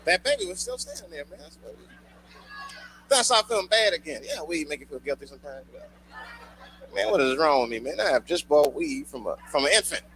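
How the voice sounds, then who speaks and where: A man doing stand-up in a live club, his voice pitched high and leaping all over the place. He tells a loose, profane story and shouts his punchlines. The recording carries plenty of noise from the room. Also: expressive, a little fast. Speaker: stand-up comedian. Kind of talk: stand-up comedy routine. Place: comedy club stage before a live audience.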